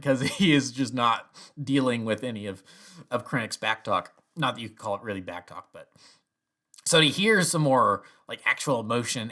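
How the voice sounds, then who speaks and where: A young man talks through a review at an ordinary middle pitch. He is animated and rambling, backtracks mid-sentence and keeps piling on asides. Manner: animated and rambling, often restarting his sentences; acts out quoted lines in bursts. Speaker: video reviewer. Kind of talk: casual spoken review.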